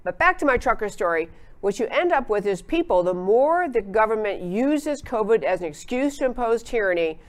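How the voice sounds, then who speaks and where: A woman's voice: a little high, sing-song, normal speed. A woman hosting a political talk show, giving opinionated commentary in an emphatic way, with frequent fillers and restarts.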